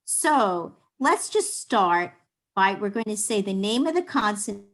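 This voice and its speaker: A woman's voice: mid-range voice, sing-song, unhurried, fairly bright tone. A woman teaching a beginners' Hebrew class over a video call, explaining patiently.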